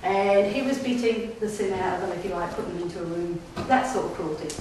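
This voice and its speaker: A woman's voice: medium pitch, fast talker, darkish tone. Woman, paranormal investigator, chatty storyteller who keeps checking in with the crowd; recorded from a distance in a very echoey room. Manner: chatty, checks in with listeners, laughs often. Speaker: paranormal investigator giving a public talk. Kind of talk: casual storytelling talk to an audience. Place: display day inside an old gaol. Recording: echoey room heard from afar, faint hiss.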